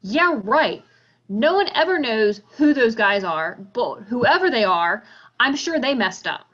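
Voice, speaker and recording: A bright-voiced, smug banker brushes off every complaint in a breezy, dismissive tone, read by a woman. Her voice sits a little high, and it comes through muffled video call audio. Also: sing-song, a little slow, full character voice. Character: smug fast-talking woman banker selling bonds.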